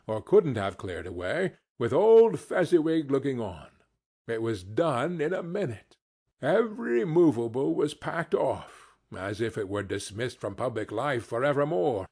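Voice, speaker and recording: A man narrating a classic novel as an expressive audiobook reading. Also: mid-range voice, a little slow, slightly rough. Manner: expressive, storytelling. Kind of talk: scripted narration.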